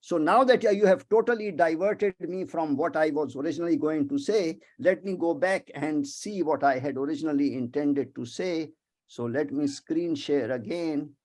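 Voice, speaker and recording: Man, high voice, professor, webinar lecture, emphatic, digressive, video call. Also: normal speed, a little mellow. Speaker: professor giving a guest lecture.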